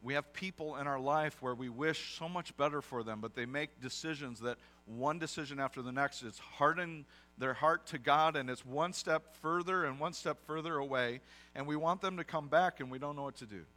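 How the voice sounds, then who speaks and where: Bright-voiced male pastor preaching. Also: a little high, normal speed. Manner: conversational preaching with self-deprecating asides. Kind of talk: sermon.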